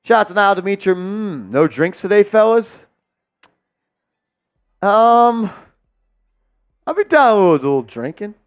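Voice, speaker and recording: A man hosting a live sports watch-party stream, hyped and loud as he shouts out viewers' donations and calls the game. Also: sits high, lively intonation, a little slow, long pauses, clean tone, dull audio.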